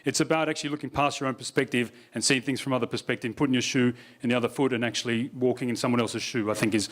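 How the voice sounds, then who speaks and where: A man's voice: mid-range voice, steady tone, very fast, fairly bright tone. A man giving a stand-up comedy keynote on a live stage, wry and conversational with the audience. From Australia. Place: live stage at a university event.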